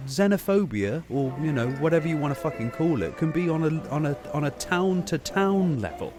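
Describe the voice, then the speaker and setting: A man's voice: a little high, animated, brisk, few pauses. A man from Cornwall, hosting a casual podcast chat in a heated, sweary, ranting way. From Cornwall, England. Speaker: podcast host.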